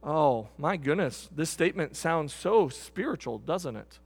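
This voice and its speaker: A man preaching a sermon, swinging from loud bursts to hushed emphasis. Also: a little high, lively intonation, measured pace, vocal fry, slightly rough. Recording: echoey hall with long reverb.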